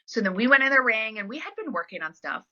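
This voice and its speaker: This woman's voice sits on the high side and sounds bright, sing-song, and forceful, and she talks fast. A former wrestler appearing as a podcast guest, she tells stories in a casual interview, chatty and full of fillers, acting out the lines of the people she quotes. The recording is dull and lo-fi.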